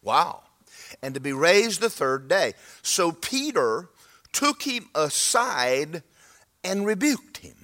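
A man's voice: a little high, sing-song, slow, bright, forceful tone. A man, preaching a sermon to his church in a folksy, humorous, emphatic way. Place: church sanctuary.

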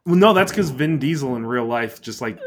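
A man's voice: mid-range voice, animated, fairly quick. Laid-back man in casual film chat. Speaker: podcast co-host. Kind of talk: casual movie review chat.

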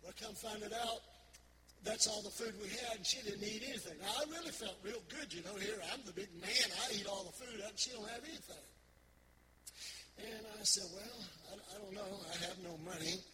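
Older pastor with a high voice. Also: male voice, fairly quick, over a noisy crowd, poor audio. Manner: folksy storytelling with repetitions. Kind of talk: sermon testimony. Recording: loud background noise.

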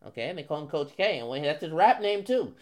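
A man's voice: on the high side, sing-song, quick pace, darkish tone. A man co-hosting a comedy podcast, bantering in a teasing, matter-of-fact way. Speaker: co-host. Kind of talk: casual banter.

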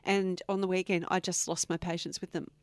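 A woman co-hosting a podcast in a studio, chatty and quick to laugh. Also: on the low side, little pitch movement, no echo. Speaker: podcast co-host. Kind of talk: casual chat.

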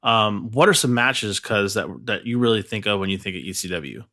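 A man's voice: lowish voice, expressive, brisk, sharp tone. Frank swearing man steering a podcast. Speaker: podcast host. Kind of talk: casual podcast chat.

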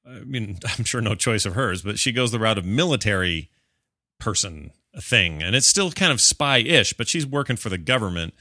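Podcast co-host, male, slightly low voice with a bright edge, rambling casual delivery, dry close sound. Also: expressive, normal speed, no echo. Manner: rambling, self-interrupting, reads answers aloud. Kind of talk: casual chat.

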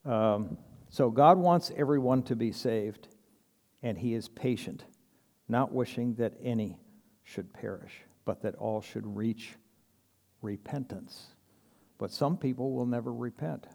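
A man's voice: medium pitch, unhurried, vocal fry, darkish tone. Earnest male preacher in a big echoing hall. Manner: conversational, earnest, with chuckles and rhetorical quotes. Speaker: pastor. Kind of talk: sermon.

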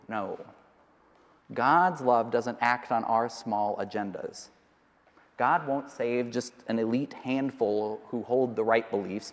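Slow, measured male preacher in a hall. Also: medium pitch. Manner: measured, with slow emphatic repetitions. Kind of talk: sermon. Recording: long reverb of a large hall.

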